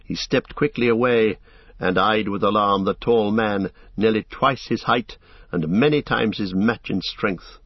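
A man reading an audiobook as narrator, in measured, even storytelling. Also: fairly low pitch, husky, no echo. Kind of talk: scripted narration. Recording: slightly dull lo-fi recording.

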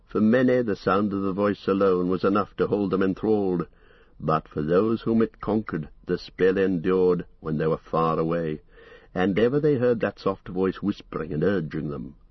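Man narrating a fantasy audiobook, low raspy voice, steady reading, dull dry recording. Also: dry recording.

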